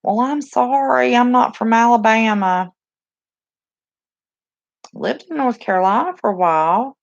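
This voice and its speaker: A chatty, excitable woman with a Southern West Virginia accent, hosting a casual live chat from a cluttered bedroom on a phone. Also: on the high side, unhurried, gravelly, dull audio. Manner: chatty, excitable, talks to viewers and reacts to the chat. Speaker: live stream host.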